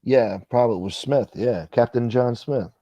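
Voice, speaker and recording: A man hosts a loose morning live-stream chat. His voice is warm and relaxed, recorded close and dry with no room sound. He jokes around and calls out viewers by name. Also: medium pitch, normal speed, no echo, dull audio. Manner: joking, greets viewers by name. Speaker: host reading live chat.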